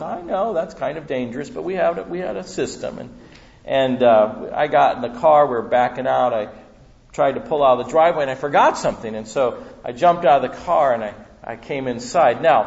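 A man preaching a sermon, telling stories and acting out the voices of the people in them. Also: medium pitch. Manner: animated storytelling, acting out voices of people in the story. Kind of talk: sermon with personal anecdote. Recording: dull lo-fi sound with long hall reverb.

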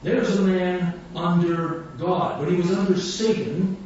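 A man's voice: high-pitched, steady tone, measured pace, a little mellow. A man preaching a sermon, telling a story with animation and acting out the voices of the people in it. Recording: echoey hall, distant mic, dull sound, faint room hum.

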